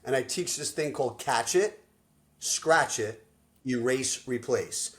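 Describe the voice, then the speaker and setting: Man, life coach, podcast host, animated storytelling, slangy, mid-pitched voice. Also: slow pace. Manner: energetic, slangy, acts out quoted dialogue.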